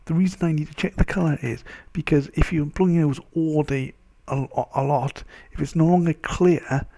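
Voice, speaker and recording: A man's voice: on the high side, steady tone, moderate pace, gravelly, dark tone. A man with a Welsh accent and a stuffy nose from a cold, chatting loosely and rambling in a casual vlog. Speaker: vlogger. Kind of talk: casual chat.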